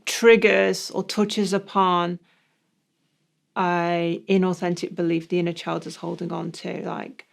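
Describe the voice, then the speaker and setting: A man co-hosting a reflective podcast discussion, explaining ideas in a measured way. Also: high-pitched, little pitch movement, creaky. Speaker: podcast co-host.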